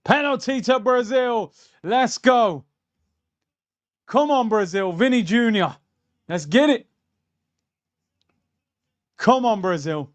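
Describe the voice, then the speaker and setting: A young man hosting a live football watchalong, reacting bluntly and excitedly to the match. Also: very high voice, slow, long pauses.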